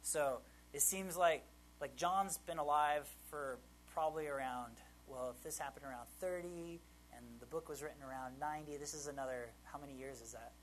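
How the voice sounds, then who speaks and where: His voice is on the high side and his pace moderate, captured in poor audio with slight background noise. This man's sermon takes the form of informal, conversational Bible teaching, with frequent check-ins with his listeners.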